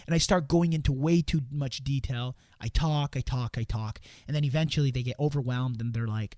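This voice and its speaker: A man with a fairly high voice coaches door-to-door sellers in a loose, rambling way. He repeats words and restarts sentences. His voice sits close and dry on the mic. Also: brisk, few pauses, dark tone, dry recording. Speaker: sales coach hosting a show. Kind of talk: casual coaching talk.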